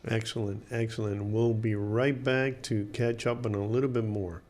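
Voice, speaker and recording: A man's voice: on the low side, steady tone, normal speed, a little mellow. A man hosting a radio interview show, upbeat and encouraging toward his guest.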